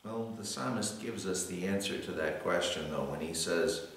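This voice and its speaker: A man giving a devotional talk as a pastor, unhurried and earnest, often pausing on "well". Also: low-pitched, a bit bright. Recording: echoey room, voice from a distance.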